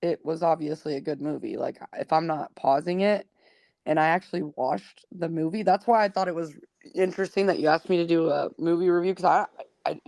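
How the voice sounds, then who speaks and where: A woman's voice: low-pitched, steady tone, a little fast, darkish tone, no echo. A woman co-hosting a casual movie review chat, rambling and profane, laughing often, with a smoker's cough. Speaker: podcast co-host.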